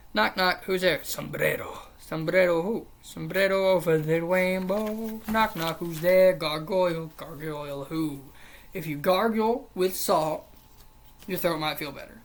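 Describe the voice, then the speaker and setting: A channel host reading a joke book aloud, casually, in a deadpan question-and-answer rhythm with weary, sarcastic asides. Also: medium pitch, slight background noise.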